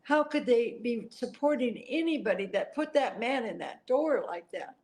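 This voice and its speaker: A woman's voice: on the high side, lively intonation, normal speed, a little mellow, low-quality recording. A middle-aged woman answering interview questions in an earnest, emotional way, now and then apologizing for getting upset. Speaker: interview guest.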